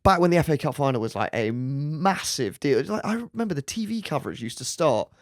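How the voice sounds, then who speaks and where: A man hosting a podcast, telling a story in a relaxed, chatty way with laughing asides. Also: a little high, quick pace, dry recording, studio quality. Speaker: podcast host. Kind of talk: casual storytelling chat.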